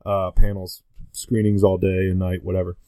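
Rambling low-voiced man. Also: level tone, normal speed, mellow, no room sound. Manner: rambling, full of fillers and restarts. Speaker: podcast guest. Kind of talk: casual chat.

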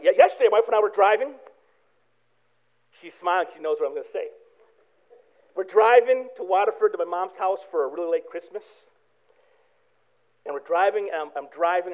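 A man preaching a sermon, telling a personal story with animated swings from hushed prayer to loud excitement. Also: high-pitched. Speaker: pastor. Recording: tinny phone-like sound.

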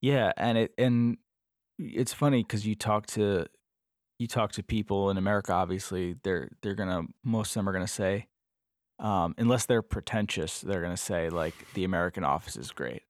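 A man co-hosting a podcast in casual chat, talking in halting bursts full of "like" and restarts. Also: deep voice, no echo, studio quality. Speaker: podcast co-host.

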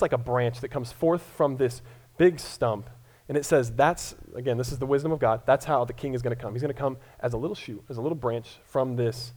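A young pastor from Colorado gives a sermon, sounding casual and self-deprecating and repeatedly restarting his words with stammers. His medium-pitched voice is a little mellow.

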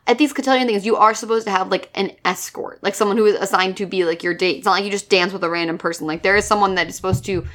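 A young woman co-hosting a podcast, animated and blunt, swearing and laughing as she picks a movie apart. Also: medium pitch, quick pace, hardly any pauses. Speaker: podcast co-host. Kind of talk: casual chat recapping a movie.

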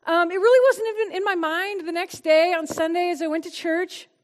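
A woman with a high voice gives a personal testimony and teaching at a church gathering. She speaks earnestly and from the heart, letting her voice sink soft and quiet to stress a point. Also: fairly even intonation, fairly quick. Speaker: church small-group speaker.

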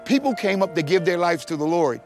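A man in middle age with a notably high voice shares his conversion story before a congregation. He tells it as lively drama, leaping up and dropping low as he acts out each voice. Soft music plays faintly behind him. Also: fairly quick. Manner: animated storytelling, acting out voices with big swings in pitch and loudness. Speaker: testimony speaker. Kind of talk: personal testimony in church.

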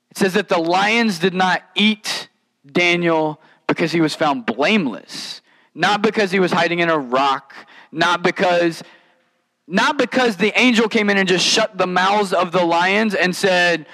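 A male pastor delivers a sermon in a loose, conversational way, with lively asides. His voice sits slightly high for a man. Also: measured pace, rough recording. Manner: conversational, animated preaching with casual asides.

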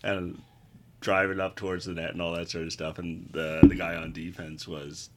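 A man's voice: sits low, level tone, normal speed, darkish tone, slight background noise. A man co-hosting a casual podcast, telling stories with lots of laughter. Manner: laughing storyteller, joking. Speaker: podcast co-host. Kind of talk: casual chat.

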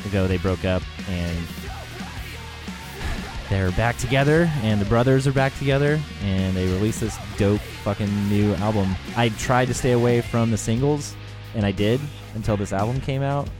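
A man's voice: fairly low pitch, moderate pace. A man co-hosting a music podcast in casual chat, laughing often, teasing and swearing freely. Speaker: podcast co-host. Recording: music clearly playing behind.

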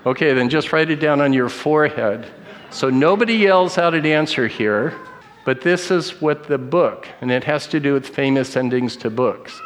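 Middle-aged male preacher running a quiz sermon, mid-pitched, playful, long hall echo. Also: slight background noise. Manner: joking quiz-master, slows for read quotes.

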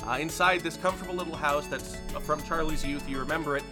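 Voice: mid-range voice, steady tone, fast, over music. A game master narrating scenes in a tabletop role-playing game, with frequent "uh"s. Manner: descriptive, with filler "uh"s.

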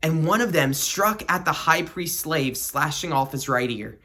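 A man hosts a devotional podcast, moving between prayer and scripture reading. His voice sits a little higher than usual for a man, and he speaks in a reflective, earnest way. He comes back to key phrases and repeats them. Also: animated, unhurried, pushed and bright. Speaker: podcast host.

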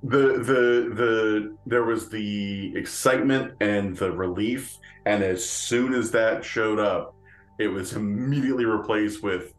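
Male podcast co-host: slow, low-ish voice, rambling casual talk in a roomy-sounding space. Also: faint music behind. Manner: rambling, many fillers and restarts, laughs often. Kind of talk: casual chat.

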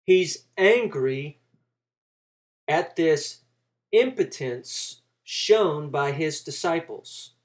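Preacher teaching through a scripture passage. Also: male voice, a little high. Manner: expository teaching, acts out quoted lines with rising emphasis. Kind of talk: sermon.

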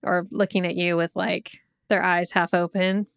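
A woman's voice: lowish voice, little pitch movement, normal speed, vocal fry, smooth, no echo, clean studio sound. A woman from Oklahoma co-hosting a casual podcast chat, reading facts from notes with chatty asides. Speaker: podcast co-host.

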